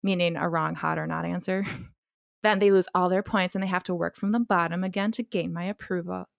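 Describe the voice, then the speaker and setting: A woman's voice: lowish voice, fairly even intonation, a little fast, gravelly, dry recording, clean studio sound. A woman with a Californian accent co-hosting a podcast, running a game in a playful, bossy way. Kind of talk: casual chat.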